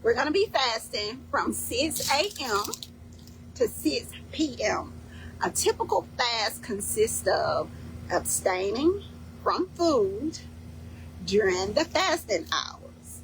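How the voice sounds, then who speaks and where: A woman leads a faith-based fasting group in a casual, instructional way. Her voice sits a little high, and she is emphatic, checking in often with "okay?". A faint hiss runs under the recording. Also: sing-song, rough recording. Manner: warm, emphatic, repeats key points with "okay?". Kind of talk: casual instructional talk to a community.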